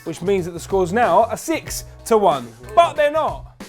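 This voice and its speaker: Guy hosting a jokey quiz, high voice, faint music behind. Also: very animated, unhurried. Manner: playful, teasing. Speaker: quiz host. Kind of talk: casual comedy quiz hosting.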